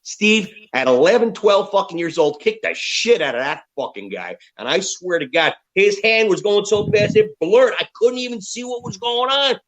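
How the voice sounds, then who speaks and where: Male rock musician in his 50s, blunt and profane, slightly high voice that swings widely. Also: normal speed, hardly any pauses, low-quality recording. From United States. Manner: profane, animated storyteller. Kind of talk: candid interview storytelling.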